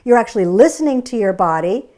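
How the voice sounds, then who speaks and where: Woman host, slightly raised pitch, earnest and emphatic, persuasive in casual chat. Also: expressive, fast, mellow. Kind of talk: casual chat about diet.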